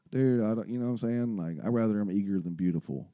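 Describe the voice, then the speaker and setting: A man's voice: on the low side, fairly quick, muffled recording. A man in his twenties with a Texan accent, telling rowdy stories in casual slangy chat. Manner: animated, slangy, swears. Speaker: podcast guest telling stories.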